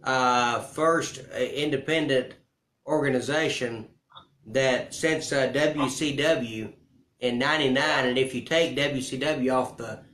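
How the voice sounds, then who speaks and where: A male host asking halting, hesitant questions. His voice sits at a middling pitch and rings in an echoey room. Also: steady tone, fairly bright tone. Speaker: interview host. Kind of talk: casual interview.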